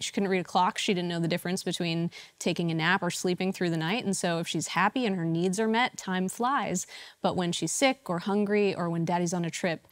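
A woman in her thirties delivering a church sermon, easing in with a family story that she tells with light self-deprecating laughs. Her voice sits at a medium pitch. The recording is dry and close, with no room sound. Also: no echo. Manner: warm storytelling, laughs at herself. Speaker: church speaker.

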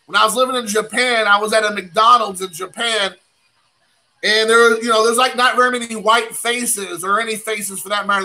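A middle-aged man from the United States hosting a card-opening livestream, chatting in a rambling, excitable way and calling out to viewers. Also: sits high, creaky, poor audio. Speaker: card-breaking livestream host. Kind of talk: casual livestream chat while opening cards.

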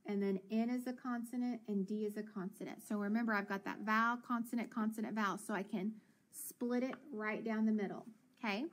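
A woman teacher leading a children's phonics lesson, encouraging and sounding out words slowly. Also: medium pitch, steady tone.

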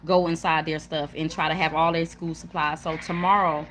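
A young woman hosts a casual livestream from a home room where her children are nearby, sometimes stopping mid-talk to hush them. She talks emphatically and warmly to viewers and tends to repeat herself. Her voice is deep and flat, at a normal speed.

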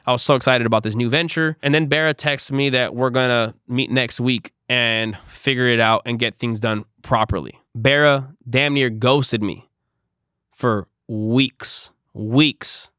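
A young content creator tells a frustrated personal story to camera in a storytime vlog, emphatically quoting back the exchanges he had. His mid-range voice is steady, pushed, and bright, with a clean tone and measured pace. The studio sound is clean, with no echo.

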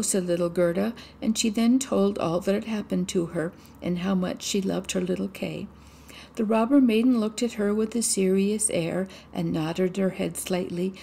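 A woman reading a fairy tale aloud in a measured, steady storytelling manner. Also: mid-range voice, vocal fry, a little hiss or hum.

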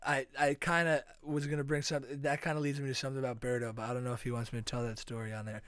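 A man's voice: mid-range voice, flat delivery, racing, fairly bright tone, clean tone, no echo, clean studio sound. A young man co-hosting a podcast from a home basement couch, in loose, laughing banter full of "like". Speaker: podcast co-host. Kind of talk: casual chat.

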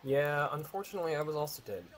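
A man streaming a team shooter, chatting casually and breaking into high, startled disbelief. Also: animated, quick pace. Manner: exclaims in sudden high-pitched disbelief. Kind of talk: casual gaming chat. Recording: noisy home stream audio.

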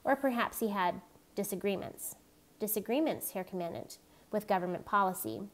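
A woman reading aloud voices a stern, coldly menacing middle-aged male commandant with a deep, measured, cutting manner. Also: close to an everyday voice.

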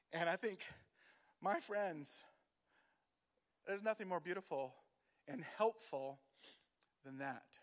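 A man giving an emotional sermon as a youth pastor, moving between quiet grief and loud urging. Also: fairly high pitch, expressive, takes it slowly, pauses often. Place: church hall. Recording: long hall reverb.

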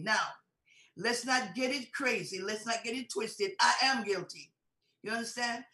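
A woman bishop teaching a sermon in an animated preaching style, full of rhetorical questions and repetition. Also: a little high. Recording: roomy echoey hall sound.

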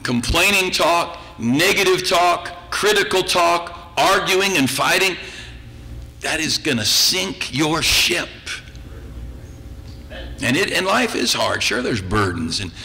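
A man's voice: fairly high pitch, vocal fry, bright, forceful tone, rough recording. A male pastor preaching a sermon in a church, folksy and teasing, acting out the voices of the people he quotes. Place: church sanctuary.

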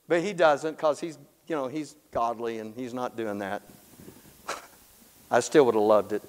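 A man teaching the Bible in an animated storytelling way, acting out the characters and chuckling often. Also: mid-range voice, measured pace, long pauses, big-room sound, poor audio.

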